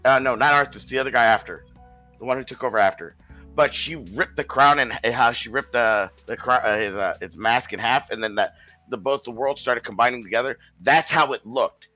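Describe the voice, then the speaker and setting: A man's voice: medium pitch, a little fast, sharp tone, no room sound, lo-fi sound, faint music behind. A man telling a long personal story in a casual, rambling way, swearing often and restarting his sentences. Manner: rambling, profane, with many restarts.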